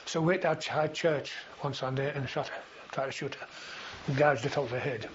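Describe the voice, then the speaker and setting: Briskly and in a mid-range voice, an older man interviewed as a veteran recounts his memories for an oral history, rambling with frequent fillers and restarts. The recording is dull and lo-fi, with faint hiss.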